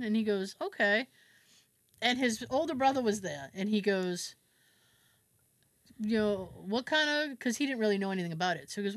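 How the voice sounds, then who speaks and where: A woman's voice: on the high side, animated, moderate pace, dry recording. A woman hosting a podcast, telling a story in casual chat, acting out quotes, laughing often and swearing freely. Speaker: podcast host.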